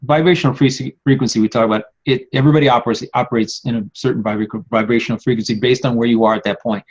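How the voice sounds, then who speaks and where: A man's voice: mid-range voice, steady tone, rapid-fire. A man hosting a podcast, breaking in to recap and question his guest's points. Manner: interjecting, recapping points for listeners. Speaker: podcast host. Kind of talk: casual conversational chat. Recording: dull lo-fi sound.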